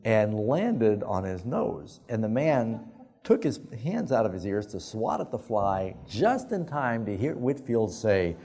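A male pastor tells anecdotes during a sermon in a folksy, conversational way. His voice is lowish and mellow, very animated, and a little slow.

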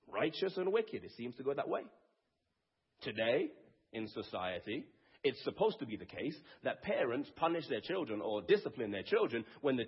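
High, husky-voiced male preacher. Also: highs cut off. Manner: dramatic, acts out scripture quotes with sweeping shifts in loudness. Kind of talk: sermon.

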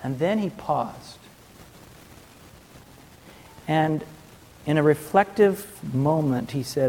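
A male pastor preaching a sermon with passion, his voice swelling and then dropping to a hush. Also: a little high, lively intonation, takes it slowly, pauses often, long reverb tail, slight background noise. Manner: impassioned preaching, rising and falling, hushed at the close.

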